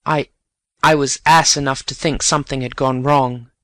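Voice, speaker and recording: A man voicing a nervous young gentleman burglar in an audiobook, anxious and eager. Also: medium pitch, fairly even intonation, moderate pace, dry recording, close to an everyday voice. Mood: relieved, eager.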